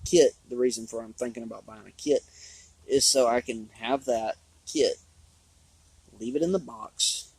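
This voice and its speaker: A man, chatting casually and rambling about his hobby, his voice hoarse from talking a long time. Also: medium pitch, no room sound, rough recording. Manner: rambling, drawling, with restarts. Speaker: RC hobby vlogger. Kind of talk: casual trailside chat. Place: outdoors on a trail.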